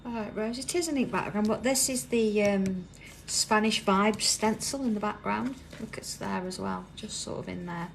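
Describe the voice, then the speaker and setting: A British woman with a gravelly, fry-tinged voice leads a live craft tutorial from her workroom. She chats easily and slips into near-whispers while she concentrates on drawing. A constant hum of background noise sits under her voice. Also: mid-range voice, moderate pace, hardly any pauses. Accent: British English. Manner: chatty, drops to a soft whisper while drawing. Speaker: craft demonstrator hosting a live stream. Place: busy indoor craft workroom.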